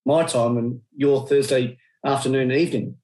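A man's voice: medium pitch, steady tone, moderate pace, mellow, poor audio. Earnest Australian man. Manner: earnest, with frequent restarts and quoted self-talk. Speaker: teacher and digital learning coach, podcast guest. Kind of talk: conversational interview answers.

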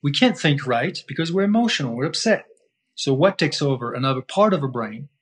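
A man's voice: on the high side, lively intonation, fairly quick, slightly rough. A man being interviewed as a guest, teaching in an emphatic, repetitive way and often asking himself rhetorical questions. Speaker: guest breath-holding teacher. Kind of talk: explaining in conversation.

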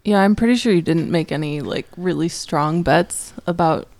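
A woman's voice: fairly low pitch, normal speed, a little mellow, no echo. A woman playing a tabletop game, awkward and giggly. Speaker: player. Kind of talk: casual tabletop play.

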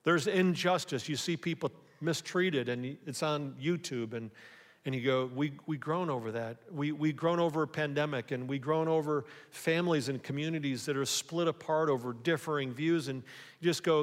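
A man preaching a sermon as pastor, in a conversational way, often pausing to ask the congregation rhetorical questions. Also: on the high side. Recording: long hall reverb.

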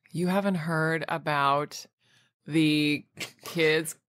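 A woman comedian improvising a scene, deadpan with a lilting, questioning delivery. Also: low voice, extremely slow, clear, resonant tone, dry recording, clean studio sound. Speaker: comedian guest.

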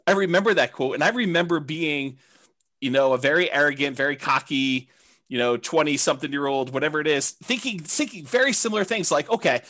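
A man teaching a real estate investing class, talking candidly in a halting way with many restarts and fillers. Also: fairly high pitch, sharp tone.

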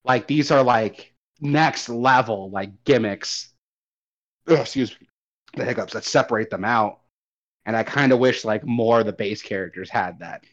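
Young guy rambling about games, animated, swears a lot, kinda dull lo-fi sound. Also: medium pitch, normal speed. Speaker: podcast co-host. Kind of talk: casual gaming chat. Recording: dull lo-fi audio.

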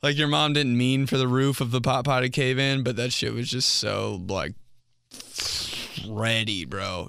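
Young guy rambling on his podcast, swears a lot, goofy high voices sometimes, super dry close mic. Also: fairly even intonation, unhurried, vocal fry, fairly bright tone, clean tone, dry recording. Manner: profane, rambling, jokey, jumps into high mock voices. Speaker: podcast host. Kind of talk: solo comedy podcast monologue.

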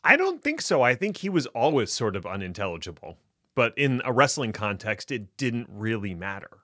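A man co-hosting a podcast in casual banter, playful and jokey with deadpan bits. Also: lowish voice, normal speed, no echo, clean studio sound. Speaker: podcast co-host.

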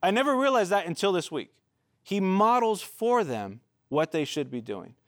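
A man's voice: high voice, sing-song, normal speed, a bit bright, no echo, studio quality. Earnest male pastor preaching conversationally. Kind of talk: sermon.

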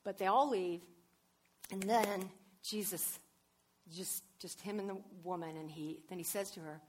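Woman preacher, husky tone, animated sermon storytelling, hushed to loud. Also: medium pitch, measured pace.

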